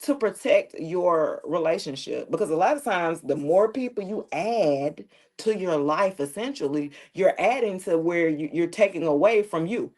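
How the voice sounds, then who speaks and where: A woman's voice: on the low side, lively intonation, moderate pace, darkish tone. Joking, laughing woman hosting a live tarot stream. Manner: loose and joking, with slang and profanity, often breaking into laughter. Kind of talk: casual live-stream chat.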